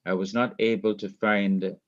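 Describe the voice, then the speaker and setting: A man teaching a Hebrew grammar class, explaining slowly and repeating key points. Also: on the low side, flat delivery, a bit bright, muffled recording. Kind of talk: online classroom lecture. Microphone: laptop mic.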